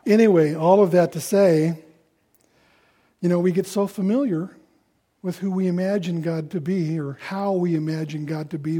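A man preaching a sermon in a conversational way, acting out the people he quotes in louder voices. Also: a little high, breathy edge. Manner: conversational, acts out quoted voices with rising loudness.

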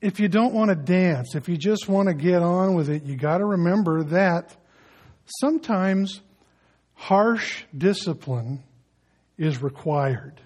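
Slow and animated, this pastor delivers his sermon in a high voice. Loud emphasis alternates with hushed, gentle appeals, and he mixes in light humor and folksy asides.

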